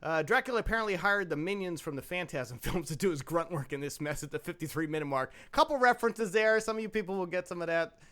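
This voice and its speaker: Guy ripping on a bad movie for a podcast, fast and bright, snarky. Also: high voice. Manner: snarky, fast, laughs often. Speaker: podcast host. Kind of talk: casual movie commentary.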